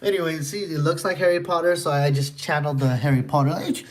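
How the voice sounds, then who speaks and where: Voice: mid-range voice, fast talker. A streamer casually working through a puzzle game, reading the text aloud and rambling with goofy, crude wordplay jokes.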